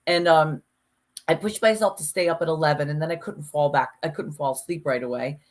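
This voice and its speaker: A woman co-hosts a podcast in casual chat, her low-sitting voice moving a little fast. She speaks in an animated, emphatic way and swears freely.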